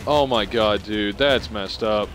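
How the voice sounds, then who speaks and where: A young man giving live commentary on a video game he is playing, excitable and swearing as he reacts out loud. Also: on the low side, unhurried, slight background noise. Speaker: gameplay streamer. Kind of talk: live let's-play commentary.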